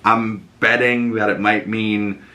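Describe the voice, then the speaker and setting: A young man hosting a casual vlog from home. His voice sits fairly low but sounds bright and forceful, and he talks in a loose, rambling way with lots of fillers. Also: little pitch movement, takes it slowly. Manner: rambling, chatty with many fillers. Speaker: host.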